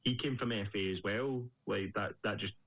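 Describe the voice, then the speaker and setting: A man's voice: fairly low pitch, normal speed, no room sound, poor audio. A young Scottish man, a Muay Thai fighter, chatting casually as a guest and swearing freely. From Scotland. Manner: animated storyteller, swears freely. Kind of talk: casual interview chat.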